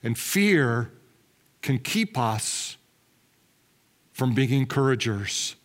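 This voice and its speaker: A man delivering a sermon as pastor, candid and measured, slowing and dropping his voice on key words. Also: medium pitch, sing-song. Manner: candid, self-deprecating asides with light laughs.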